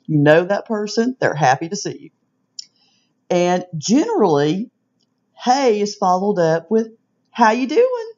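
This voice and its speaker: A woman's voice: low-pitched, darkish tone, muffled recording. A middle-aged woman with a Southern US accent, chatting casually and folksily to the camera in a vlog. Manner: chatty, folksy, drawn-out "hey" demonstrations. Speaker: vlogger. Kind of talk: casual scripted vlog talk.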